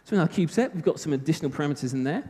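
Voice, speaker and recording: A man's voice: a little high, lively intonation, very fast, dark tone. A British man giving a live technical talk at a conference, chatty with self-mocking humor. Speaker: conference speaker. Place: conference hall. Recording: reverberant hall.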